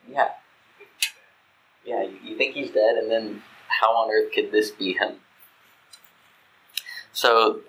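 A man's voice: on the low side, bright, forceful tone, rough recording. A man reading scripture and then teaching on it in a conversational way, often checking in with his listeners. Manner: conversational, asks "right?" to listeners, restarts mid-thought. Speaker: Bible teacher.

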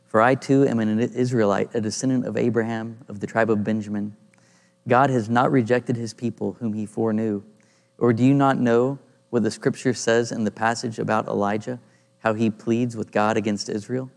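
A man leading an informal Bible study, thinking aloud and pausing to search for passages as he reads and explains scripture. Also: medium pitch, fairly even intonation, vocal fry, a little mellow. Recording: long reverb in a room.

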